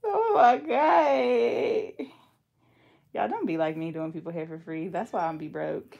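Young Bay woman, gravelly voice, playful braider chatting with viewers. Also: low-pitched, a little fast, dark tone, lo-fi sound. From Bay Area, California. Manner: playful, chatty, laughs often. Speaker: hair braider and channel host. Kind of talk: casual chat with live viewers.

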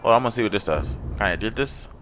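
Excitable gamer guy with lively pitch. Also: rapid-fire, slight background noise. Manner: excitable, swears a lot, talks to enemies. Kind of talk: let's play commentary. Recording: background music.

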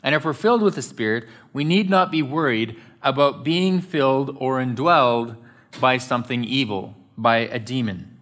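A pastor delivering a sermon in an earnest, emphatic way, in an event centre hall. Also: male voice, mid-range voice, moderate pace, a bit bright.

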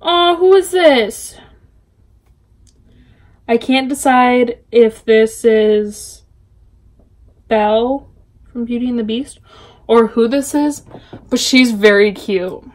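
Gushing high-voiced woman unboxing. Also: steady tone, slow, pauses often, a little mellow. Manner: gushing, chatty, full of little gasps and exclamations. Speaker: book vlogger. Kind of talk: casual unboxing vlog. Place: bedroom.

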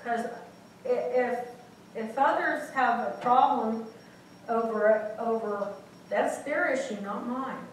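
A woman's voice: a little high, slow pace, slight background noise. Woman preaching in a very echoey room. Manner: candid and personal, many restarts. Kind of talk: sermon. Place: small church hall. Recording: very echoey church room from far off.

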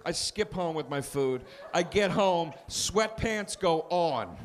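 A male stand-up comedian telling a story on a club stage, animated and prone to shouting. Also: a little high, slow pace. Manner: animated, swings into shouting and mock voices. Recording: live club recording with crowd noise. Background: laughing audience.

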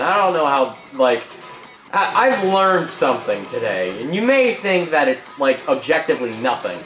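A young man giving profane, jokey commentary over a fighting game, often yelling and swearing at his opponents. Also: fairly high pitch. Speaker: gaming YouTuber. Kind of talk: gameplay commentary. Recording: roomy room echo, game music behind. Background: game music.

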